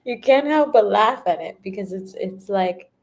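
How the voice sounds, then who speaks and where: A woman's voice: medium pitch, expressive, moderate pace, a little mellow. A young woman giving a casual spiritual talk to her viewers, laughing often, repeating herself and acting out little quoted voices. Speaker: spiritual energy reader.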